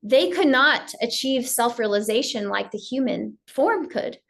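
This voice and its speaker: A woman teacher giving a gentle, story-filled spiritual talk on yoga. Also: a little high, animated, measured pace, creaky.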